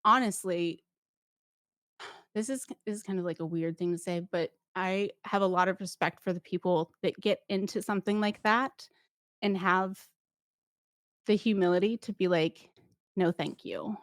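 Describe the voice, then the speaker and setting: A woman guest, a former paramedic, talking casually in an interview, telling lively stories with acted-out voices and frequent laughs. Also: mid-range voice, normal speed, no echo, clean studio sound. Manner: animated storyteller who acts out voices and laughs often.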